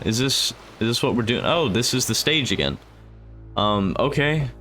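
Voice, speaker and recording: A man's voice: mid-range voice, animated, moderate pace, sharp tone, a little hiss or hum. A young man casually commenting as he plays a game, joking, reacting aloud and slipping into silly voices. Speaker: gameplay streamer. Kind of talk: let's play commentary.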